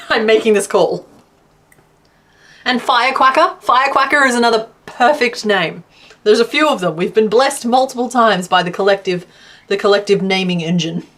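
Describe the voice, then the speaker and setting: A woman chatting casually to her stream from home while she crochets, laughing often and counting stitches out loud. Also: fairly high pitch. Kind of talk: casual livestream chat.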